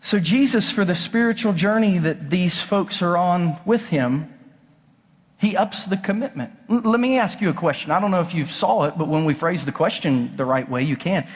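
A man's voice: sits high, moderate pace, in a large hall. A male pastor preaching a conversational sermon, emphatic and full of rhetorical questions. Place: large church auditorium.

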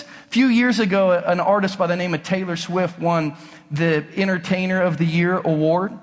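A man preaches with a fairly high voice, talking to the congregation in a casual but emphatic way. He keeps asking rhetorical questions. His voice rings out with a long reverb, as if in a large church auditorium. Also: steady tone, moderate pace. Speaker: pastor. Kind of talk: sermon.

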